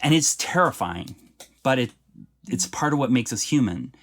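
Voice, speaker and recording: A middle-aged man from Canada, a playwright, speaking earnestly and with feeling in a podcast interview, and growing animated when he talks about laughter and tears. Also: medium pitch, moderate pace, faint music behind. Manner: earnest, heartfelt storytelling.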